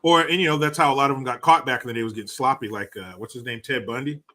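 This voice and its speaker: A man's voice: medium pitch, rapid-fire, pushed and bright. A man hosting a casual podcast, talking bluntly and loosely with lots of swearing. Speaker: podcast host.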